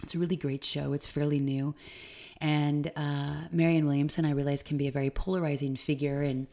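A woman's voice: low-pitched, flat delivery, fairly quick, mellow. A woman hosting a solo spiritual podcast, talking in a rambling, stream-of-consciousness way with emphatic moments. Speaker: podcast host.

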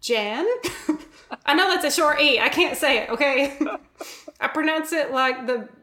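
Podcast co-host, woman from the US, giggly and self-deprecating, slightly high voice, roomy echo. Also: a little slow, pushed and bright, slight background noise. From United States. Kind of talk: casual chat.

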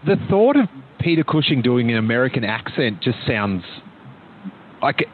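A man's voice: mid-range voice, sing-song, normal speed, slightly rough. A man hosting a casual interview chat, playful and teasing his guest. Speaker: host. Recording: tinny phone-like line with faint hiss.

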